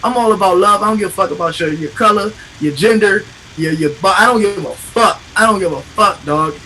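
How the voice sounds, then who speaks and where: A man's voice: high-pitched, brisk, pushed and bright, a little hiss or hum, poor audio. A man talking in an emotional, profane casual chat as a podcast host, passionate and repetitive.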